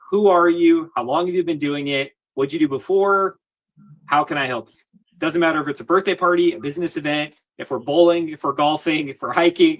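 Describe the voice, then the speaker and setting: A man's voice: on the high side, a bit bright. A man as an interview guest, giving advice in a confident coaching manner and repeating his key points.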